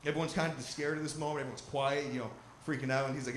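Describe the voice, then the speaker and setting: A young man doing a stand-up comedy set, telling a profane, animated story at a live show in a lodge. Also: medium pitch, very fast, hardly any pauses. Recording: roomy live recording with crowd noise.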